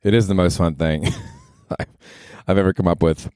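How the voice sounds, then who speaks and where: Deep-voiced, profane podcast host. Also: male voice, steady tone, normal speed, darkish tone, smooth, no room sound, studio quality. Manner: profane, rambling, jokey. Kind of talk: casual solo podcast monologue. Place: New York.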